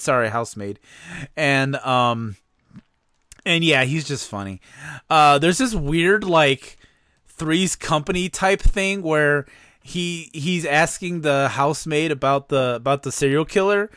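A podcast co-host with a fairly high, sharp-toned voice rambles through casual chat, laughing often and using many fillers. The recording is dry, with clean studio sound.

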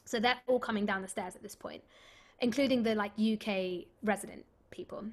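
A young stage actress tells a story in a casual interview, chatty and animated and full of filler words. Her mid-range voice moves a little fast.

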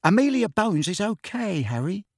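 A man's voice: very high-pitched, animated, moderate pace, slightly rough, dry recording, clean studio sound, voice pushed up, exaggerated voice. A man reading an audiobook voices a tired, earnest young woman, raising his voice to play her.

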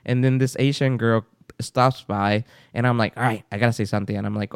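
A man telling a story on a podcast with a lively voice that rises and falls, and he keeps slipping into the voices of the people he met. His voice is smooth and resonant, recorded close and dry. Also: mid-range voice, a little fast, no room sound. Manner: animated storyteller acting out quoted people. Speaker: podcast co-host. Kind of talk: casual storytelling chat.

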